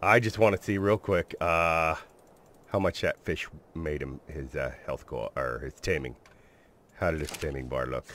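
In a dry recording, a low-voiced man delivers excited let's-play commentary for his gaming channel at a moderate pace. He swears mildly while addressing his viewers and the creatures he's taming.

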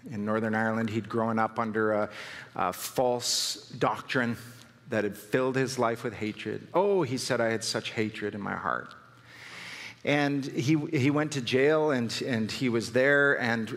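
A man's voice: mid-range voice, fairly bright tone. A man preaching a sermon as pastor, telling stories and rising to fervent emphasis. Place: church hall. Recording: long hall reverb.

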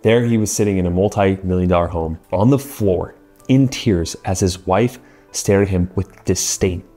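A male marriage coach speaks earnestly and assertively to the viewer. His voice is low, warm and a little husky. Soft music plays faintly behind him. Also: normal speed. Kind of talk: advice monologue to the viewer.

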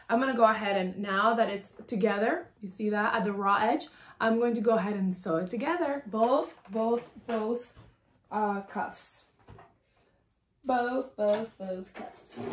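A woman in her thirties with a sore, strained throat, chatting casually through a home sewing tutorial with lots of "um"s and side stories. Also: mid-range voice. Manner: chatty and rambling, many "um"s and asides. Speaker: sewing pattern designer demonstrating a project. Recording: echoey room.

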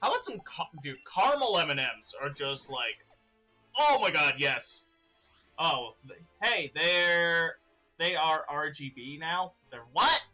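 Excitable young man, bright lively voice. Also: a little high, a little slow, soft background music. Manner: excitable, laughs often, talks to chat. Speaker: streamer. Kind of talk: live-streamed gameplay chat.

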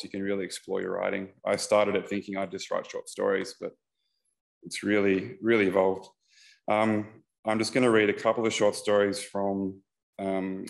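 A young man, a creative writing student reading his own short story aloud in a measured, low-key way. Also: creaky.

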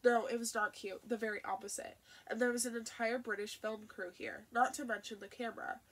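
Woman reading an audiobook with vocal fry. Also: fairly high pitch, steady tone, a little fast. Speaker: audiobook narrator.

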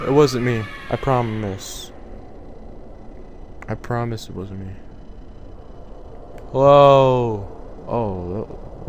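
A young man narrates his horror game run in an easy, drawn-out way, mid-pitched and casual. He mocks the scares, swears freely and chats to the monsters. A light noise floor sits under the voice. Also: darkish tone. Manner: jokey, swears a lot, talks to game figures. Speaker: gaming YouTuber. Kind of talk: horror game let's play commentary.

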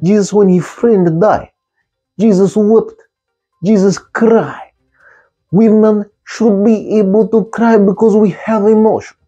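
A man's voice: high-pitched, steady tone, slow, dark tone, breathy edge, lo-fi sound, faint music behind. A man delivering a comic monologue in simple broken English, repeating key words for effect. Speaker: comic commentator.

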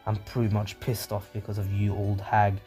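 A man voicing a cocky, easily provoked young male ninja in slangy, muttered lines, quieter and lower than his own narration. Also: completely flat delivery, normal speed, faint music behind, natural voice. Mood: irritated.

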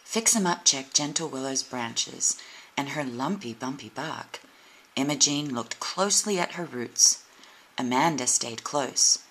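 A woman narrating a children's storybook in a gentle, unhurried way. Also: a bass voice, expressive, slight background noise, low-quality recording. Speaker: storybook reader.

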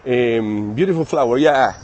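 A man with an Italian accent, chatting casually in a live stream while walking outdoors through city streets. He reads viewer comments aloud and speaks in a friendly, halting way. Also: mid-range voice, darkish tone, muffled recording. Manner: friendly, chatty, halting non-native phrasing.

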